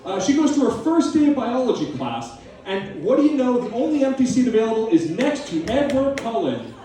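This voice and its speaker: A male comedian doing manic, sardonic live stand-up, swearing freely. His voice is very high and jumps all over the place. He sounds distant, with heavy echo from the venue. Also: very animated, a little fast, warm tone. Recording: echoey live room, from a distance.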